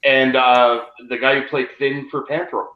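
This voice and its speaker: Animated man on an echoey lo-fi mic. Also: mid-range voice, a little slow. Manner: animated, acts out quotes, laughs. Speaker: podcast co-host. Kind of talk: casual chat on a live stream.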